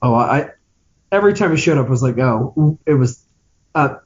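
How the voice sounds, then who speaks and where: A man co-hosting a podcast, chatting casually about a film in a sardonic, dismissive way that trails off into low grumbles. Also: animated, brisk, muffled recording. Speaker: podcast co-host. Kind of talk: casual movie-review chat.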